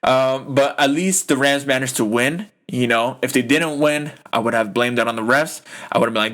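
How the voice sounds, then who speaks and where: Speaking at normal speed, a young podcast host with a medium-pitched, slightly bright voice vents about a football game. It's a heated, profane, rambling rant packed with fillers.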